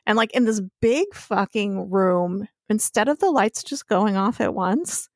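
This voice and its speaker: A woman's voice: mid-range voice, unhurried, no echo. Chatty woman recapping a show, dry sound. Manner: chatty storytelling with casual swearing. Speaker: podcast co-host. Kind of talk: casual TV recap chat.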